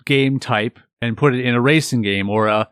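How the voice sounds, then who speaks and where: Podcast guy co-hosting, playful arguing and ribbing, mid pitch, dry close sound. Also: moderate pace, a bit bright, clear, resonant tone, dry recording. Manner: playful, argumentative teasing. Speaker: podcast co-host. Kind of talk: casual chat.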